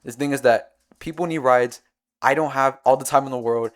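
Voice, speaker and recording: A young man narrating a storytime video in an excitable, jumpy way, full of quick asides. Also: medium pitch. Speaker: storytime YouTuber.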